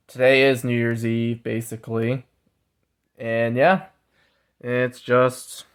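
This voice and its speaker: A man's voice: medium pitch, clear, resonant tone. A man vlogging in a meandering, preachy monologue, repeating fillers and addressing viewers as guys. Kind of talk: rambling monologue to camera.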